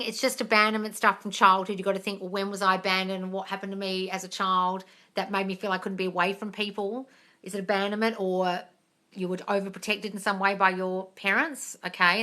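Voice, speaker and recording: A woman hosts a live-stream Q&A, giving listeners firm, practical coaching. Her voice is bright and forward. She is direct and familiar, calls people darling, and lets a casual swear slip now and then. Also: mid-range voice. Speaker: manifesting coach answering viewer questions.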